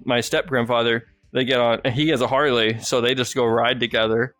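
A man's voice: medium pitch, fairly even intonation, brisk, fairly bright tone, no echo, faint music behind. A man hosting a casual podcast who tells rambling stories, swears freely, and says "dude" and "like" often. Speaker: podcast host.

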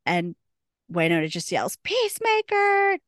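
A woman at mid pitch with a creaky, gravelly edge to her voice. She co-hosts a podcast and recaps an episode in an eager, chatty way, full of "like" and "right?". The sound is close and dry, with no room around it. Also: lively intonation, a little slow, no echo. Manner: enthusiastic, retelling scenes with many fillers. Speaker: podcast co-host. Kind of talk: casual episode recap chat.

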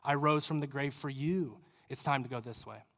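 A man voicing a gentle, urgent leader who softly pleads with a follower to move forward, in a hushed tone. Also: mid-range voice, moderate pace, long reverb tail, pitched below the performer's own voice, lightly acted. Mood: hushed pleading.

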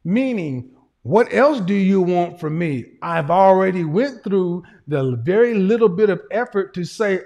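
A man's voice: sits high, a little slow, vocal fry, a little mellow. A man giving casual livestream commentary in a blunt, emphatic, profane lecturing manner. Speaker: streamer and commentator.

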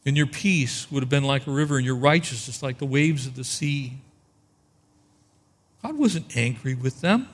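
A man preaching a sermon, reading verses aloud and asking rhetorical questions, slowing down to stress key phrases. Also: medium pitch, animated. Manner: expository preaching, rhetorical questions, slows for emphasis. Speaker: pastor.

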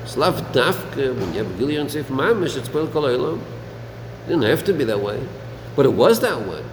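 A man's voice: medium pitch, big pitch swings, normal speed. A man teaching a lesson in a study hall, asking his students questions and mixing in Yiddish and Hebrew terms. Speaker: Torah teacher. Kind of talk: Talmudic-style lesson with students. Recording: echoey room, faint air conditioning hum.

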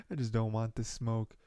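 A man's voice: on the low side, mellow, smooth, dry recording. A man hosting an anime podcast, recapping episodes in a rambling, chatty way with frequent chuckles and fillers. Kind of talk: casual episode recap and commentary.

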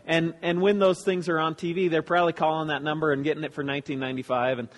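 A man giving loose, casual commentary on video clips, rambling and halting with frequent restarts. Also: a little high, level tone, big-room sound. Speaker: speaker reacting to clips.

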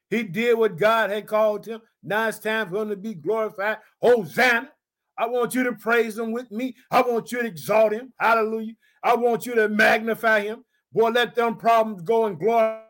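A man preaching an exuberant podcast sermon as a pastor, repeating exclamations and breaking into shouts of praise. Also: sits high, normal speed.

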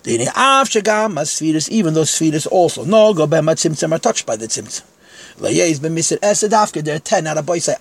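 A man's voice: fairly high pitch, animated, a little fast, gravelly, breathy edge, dry recording. A man teaching a text-study lecture in Yeshivish English, conversational, with frank self-deprecating asides.

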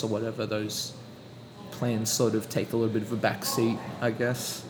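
A man's voice: lowish voice, level tone, moderate pace. Chatty Australian man, noisy room. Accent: Australian with British inflections. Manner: chatty, rambling, frequent fillers and restarts. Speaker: podcast guest. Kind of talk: casual chat. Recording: audible background noise.

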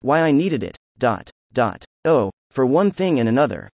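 A man voicing an excitable, proud young nobleman under questioning, talking effusively and emphatically. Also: mid-range voice, moderate pace, gravelly, no echo. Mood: defiant.

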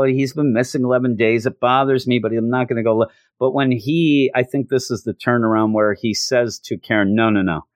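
A man walks through a show's episode in a casual, animated way, restarting his sentences often. His voice sits at an ordinary pitch, and the recording is dry and close. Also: no echo. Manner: animated, emotional, frequent restarts. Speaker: show recapper.

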